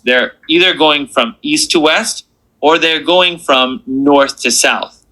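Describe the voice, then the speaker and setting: A man teaching a beginner language lesson, patient and encouraging, slowing down to repeat sounds with the learner. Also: a little high, sharp tone, low-quality recording.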